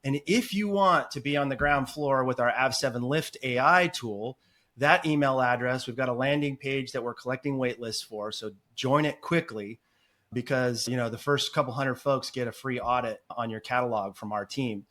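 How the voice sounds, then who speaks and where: A talkative man as a podcast guest, telling stories in animated, rambling interview chat. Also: medium pitch, moderate pace. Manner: talkative and animated, apologizes for long answers. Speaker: podcast guest, agency founder.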